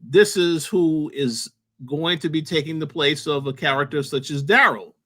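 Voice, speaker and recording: A man talks in a casual podcast with a fairly high voice that has a bright, forceful edge. He states his views plainly, often repeating words. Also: normal speed. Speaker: podcast co-host.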